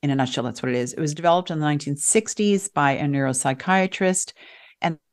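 A woman being interviewed as a guest coach on a radio show, talking in an animated, emphatic way and often restarting her sentences. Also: deep voice, quick pace. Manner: animated, emphatic, self-correcting. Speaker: guest, resilience coach and sophrologist. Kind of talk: conversational interview. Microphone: radio show microphone.

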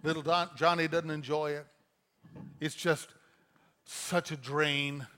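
A middle-aged male pastor delivers a sermon in a conversational, storytelling way. His voice sits a little high for a man. He drops into quick acted-out quotes before returning to his teaching. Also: level tone, bright, forceful tone, clean tone.

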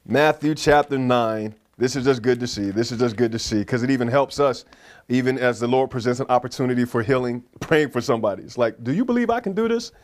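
A man's voice: mid-range voice, fairly even intonation, a little fast. A man preaching a livestreamed sermon, reading scripture aloud and breaking into exuberant whoops and laughter. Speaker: pastor.

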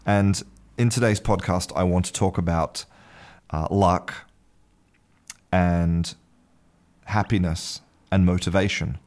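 Deep-voiced man hosting a language podcast. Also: slow, pauses often. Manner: relaxed explaining, spelling words out letter by letter. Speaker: podcast host and English teacher. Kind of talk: casual spoken lesson.

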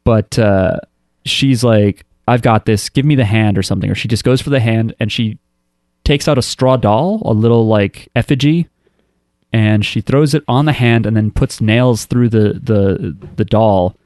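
A man's voice: fairly low pitch, a little slow, darkish tone, dry recording, studio quality. A man casually recapping an anime episode for a podcast, wry and loose, with lots of fillers and restarts. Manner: rambling, filler-heavy storytelling with frequent restarts. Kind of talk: casual chat.

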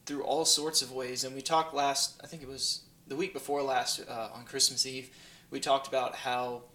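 Flat-voiced man in a roomy space. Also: mid-range voice, moderate pace. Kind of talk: casual faith talk. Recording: roomy with faint background noise.

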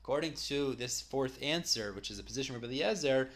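A man teaching a Talmud lesson at a medium pitch, laying out the argument one step at a time. He reads each Aramaic phrase and then translates it into plain English. His delivery is conversational, with small self-corrections along the way. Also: lively intonation, quick pace. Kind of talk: Talmud study lecture.

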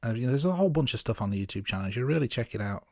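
A young man from the Midlands co-hosting a film podcast, measured and wry in casual chat. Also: medium pitch, lively intonation, darkish tone, dry recording, studio quality. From English Midlands. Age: young adult. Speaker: podcast co-host.

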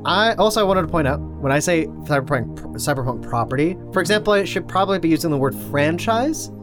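Man, podcast co-host, casual chat, playful, laughing, stumbling restarts, lively pitch. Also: brisk, music in the background. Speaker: podcast co-host running a guessing game.

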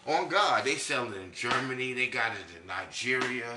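A man from New York doing a loud, preachy comic monologue that swings between high and low. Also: lively intonation, normal speed, distant mic, noisy background. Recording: echoey room, from off-mic.

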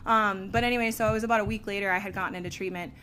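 A woman speaks to an audience in a casual, candid testimony, her pitch sitting in an ordinary middle range. She tells the story in an animated way, with frequent laughs and easy fillers. A faint hum of ambient noise sits beneath her voice. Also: rapid-fire. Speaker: speaker sharing a recovery story.

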